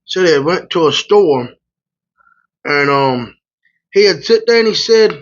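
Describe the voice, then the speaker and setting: A man's voice: on the high side, lively intonation, measured pace. A man, a truck driver, chatting casually and rambling through stories while he eats in a hotel room. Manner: rambling, colloquial, loose. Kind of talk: casual storytelling while eating. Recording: slightly muffled lo-fi audio.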